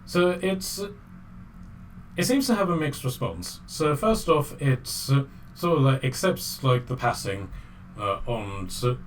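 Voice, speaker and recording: A man's voice: mid-range voice, lively intonation, a little slow, a little hiss or hum. A man narrating a tabletop game as game master, casual and hesitant with many fillers.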